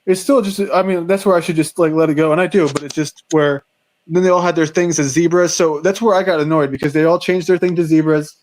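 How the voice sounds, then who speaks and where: A man's voice: a little high, fairly even intonation, a little mellow. A young man, a streamer, chatting casually in a rambling way with lots of fillers. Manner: rambling, filler-heavy, quick. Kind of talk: casual chat.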